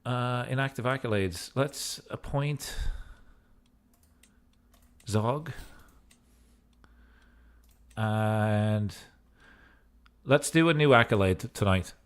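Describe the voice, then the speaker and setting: A man's voice: medium pitch, extremely slow, long pauses, clear, resonant tone. A man giving casual gameplay commentary as a streamer, in a goofy mood with joking asides. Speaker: gaming streamer.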